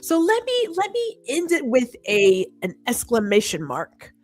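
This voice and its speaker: A woman's voice: sits high, unhurried. Chatty woman podcast host. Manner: chatty, animated, reads viewer comments aloud. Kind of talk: casual interview chat.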